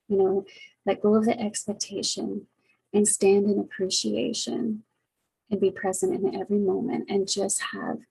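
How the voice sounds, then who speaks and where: A middle-aged woman, a family caregiver, talking through a casual personal vlog in a reflective, halting way with many fillers. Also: mid-range voice, gravelly, warm tone, slight background noise, rough recording.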